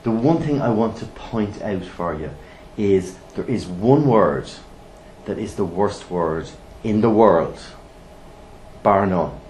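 Blunt, lively man teaching a class. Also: fairly low pitch, slow pace. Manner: lively, blunt, asks rhetorical questions. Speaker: trainer. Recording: roomy echo, faint background noise.

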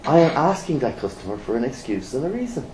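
A middle-aged man teaching a training course, blunt and lively, firing rhetorical questions at the room. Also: mid-range voice, fast. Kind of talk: classroom teaching. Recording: roomy echo, faint background noise.

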